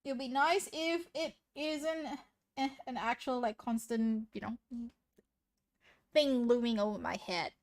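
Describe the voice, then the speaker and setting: A woman's voice: on the high side, measured pace. A woman hosting a livestream, chatting casually with viewers, giggly and rambling, a bit sniffly, on a noise-suppressed desk mic. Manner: giggly, rambling, self-deprecating. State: sniffly from sneezing. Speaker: livestream host. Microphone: desk microphone with noise suppression.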